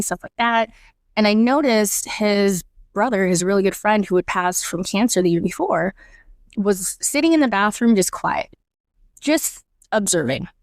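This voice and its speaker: A woman's voice: medium pitch, dry recording. A woman guest on a podcast, candidly and emotionally telling a personal story and acting out her own thoughts.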